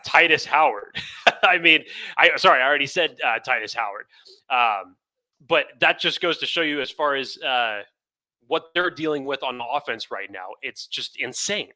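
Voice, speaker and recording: A man's voice: mid-range voice, expressive, moderate pace, sharp tone. A man co-hosting a sports podcast in casual chat, laughing at bad news. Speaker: podcast co-host.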